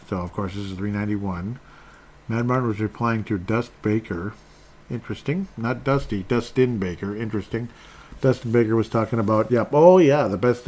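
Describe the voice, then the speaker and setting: A man's voice: fairly low pitch, darkish tone, a little hiss or hum. A man hosting a solo sports podcast, rambling and grumbling as he reads out listener tweets. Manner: rambling, self-deprecating, grumbling. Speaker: podcast host. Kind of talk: solo podcast chat reading fan tweets.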